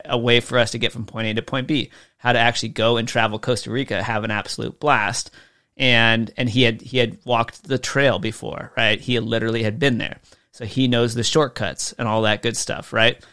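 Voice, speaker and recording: A man's voice: medium pitch, pushed and bright. A man in his thirties, a business coach, talking casually to viewers and telling a story, with many fillers and acted-out quotes. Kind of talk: casual talking-head explainer.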